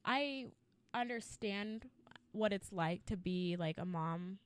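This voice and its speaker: A woman's voice: mid-range voice, slow, clean tone, no echo. A woman co-hosting a podcast, telling a story in casual chat with lots of filler words. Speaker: podcast co-host.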